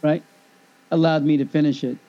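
A man in his fifties in casual chat, telling an animated story and acting out both sides of a conversation. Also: fairly high pitch, a little fast. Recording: dull lo-fi recording.

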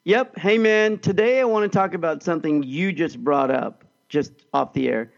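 A man co-hosting a podcast, telling a story in an animated, excitable way. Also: fairly high pitch, normal speed, creaky, muffled recording. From California. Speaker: podcast co-host. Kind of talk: casual storytelling chat.

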